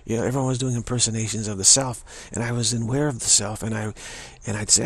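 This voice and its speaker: A man giving a reflective spiritual monologue as a teacher, speaking haltingly and often repeating words and restarting. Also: on the low side, animated, gravelly, breathy edge.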